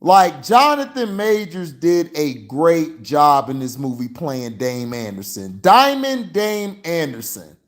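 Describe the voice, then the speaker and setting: Male host of a casual movie-review stream, slightly high voice, unhurried, rambling and slangy delivery. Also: big pitch swings. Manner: rambling and slangy, full of "you know" fillers.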